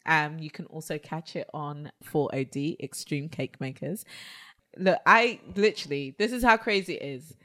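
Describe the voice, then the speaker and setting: Woman, low voice, animated storyteller, interview guest. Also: moderate pace. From South London. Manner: animated storyteller, acts out quotes, exclaims. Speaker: baker and cafe owner, guest. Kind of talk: casual interview chat.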